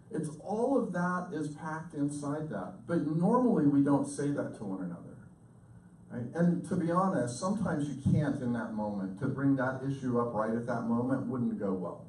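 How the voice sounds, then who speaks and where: A man in his fifties, a communication professor, lecturing with lively, intense storytelling and acted-out quotes. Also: mid-range voice, moderate pace, slight background noise. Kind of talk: lecture to an audience. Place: lecture hall. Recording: echoey hall recorded from far off.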